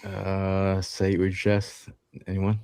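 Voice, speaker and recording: A man's voice: deep voice, monotone, slow pace, dark tone, clean tone, dry recording. A man with a Philadelphia accent hosting a live sports podcast, chatting casually and reading out viewer comments and news quotes. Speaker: podcast host.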